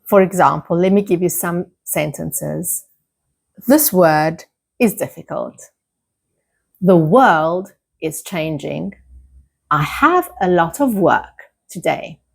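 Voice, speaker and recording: A woman with an Italian accent leads an English pronunciation lesson at an unhurried pace, saying each word slowly and repeating it. Her lowish voice carries a gravelly edge. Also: expressive. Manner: slow, deliberate, repeats words for practice.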